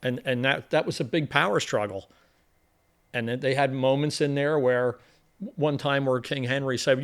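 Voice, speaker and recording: An older man co-hosting a casual movie review chat, animated and acting out quoted lines with emphasis. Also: mid-range voice, normal speed. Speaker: co-host of a movie review show.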